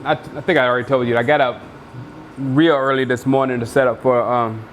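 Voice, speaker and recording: A man's voice: mid-range voice, fairly even intonation, brisk, slight background noise. A man hosting a football watchalong, chatting casually and rambling as he thinks aloud, a bit sleepy. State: sleepy, yawning. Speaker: watchalong host. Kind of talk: casual live chat commentary.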